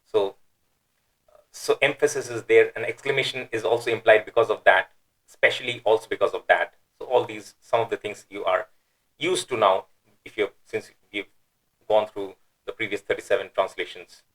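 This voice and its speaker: A man's voice: lowish voice, fairly even intonation, a little fast, a bit bright, rough recording. Man patiently explaining, with emphatic intonation. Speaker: Quran teacher. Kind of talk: explanatory lecture.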